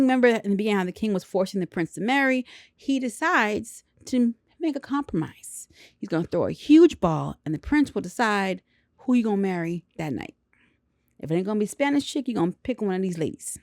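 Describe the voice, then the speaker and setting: Animated woman recapping a movie, slangy. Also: medium pitch, gravelly, no room sound, studio quality. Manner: animated, slangy, acts out characters' lines. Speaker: movie reviewer.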